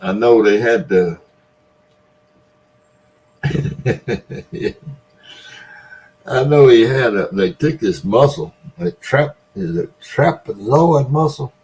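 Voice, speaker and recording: A man's voice: mid-range voice, lively intonation, takes it slowly, pauses often, darkish tone. A man in his seventies with a Mississippi Delta Southern accent, telling a long story in a folksy way and laughing between lines. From Mississippi Delta, USA. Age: 70s. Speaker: vlogger. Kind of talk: casual storytelling.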